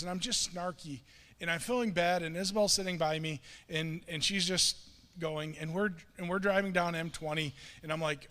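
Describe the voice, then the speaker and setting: A middle-aged man pastor telling a self-mocking story in a sermon, animated and quoting himself and others. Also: on the high side, brisk. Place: church sanctuary. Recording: long reverb of a church hall.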